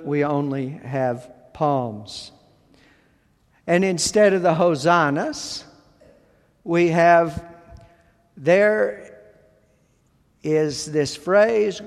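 A man preaches in a slow, deliberate way, stressing key words and pausing often. His voice sits a little high for a man. The sound rings with the long reverb of a large hall. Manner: deliberate, emphatic preaching with pauses. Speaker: pastor. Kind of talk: sermon.

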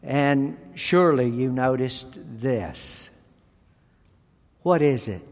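A man preaching a sermon as pastor, speaking deliberately and with emphasis, pausing between phrases. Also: medium pitch, animated, long reverb tail.

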